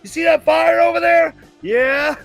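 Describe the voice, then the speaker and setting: A man voicing two foul-mouthed birds in a tree, yelling shrill taunts at each other. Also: measured pace, vocal fry, faint music behind, full character voice. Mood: shouting, taunting. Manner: high shrill shouted taunts.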